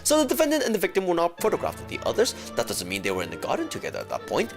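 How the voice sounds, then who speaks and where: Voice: mid-range voice, wildly swooping pitch, very fast, music in the background. A streamer doing a composed falcon lawyer. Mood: firm.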